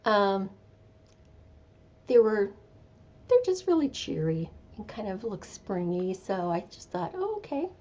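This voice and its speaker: A woman's voice: medium pitch, sing-song, darkish tone. A woman hosts a casual live chat from her home, taking her time and drifting from one thought to the next. Her voice swings up and down a lot as she talks. The sound is a little dull and lo-fi. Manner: chatty, meandering, slow and easygoing. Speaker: live stream host.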